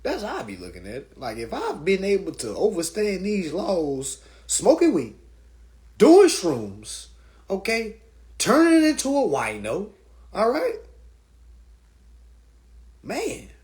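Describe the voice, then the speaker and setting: A man ranting casually and profanely on a phone livestream, animated and loud. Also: high-pitched, slow pace, long pauses, slightly rough. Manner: animated, profane, mimics others' voices. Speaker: livestream host.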